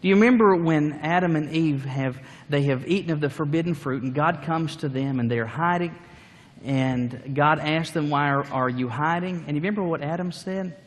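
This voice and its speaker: A man preaching a sermon, telling the story with lively acted-out scenes. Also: on the high side, normal speed, in a large hall. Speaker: pastor.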